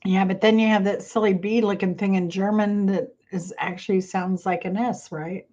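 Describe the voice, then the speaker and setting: A woman's voice: medium pitch, fairly even intonation, moderate pace, warm tone, highs cut off. A woman hosting a casual livestream, chatting with viewers in a self-amused, rambling way while fighting a cough and sneezes. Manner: chatty, self-amused, trailing off mid-sentence. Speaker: livestream host. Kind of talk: casual chat reading viewer comments.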